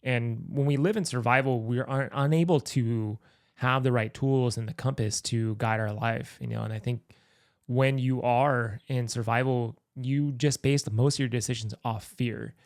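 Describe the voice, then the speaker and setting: A male podcast host with a gravelly, mid-pitched voice muses thoughtfully on big questions. The sound is dry and close. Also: steady tone, normal speed, dry recording. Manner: reflective, philosophical. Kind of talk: reflective interview talk.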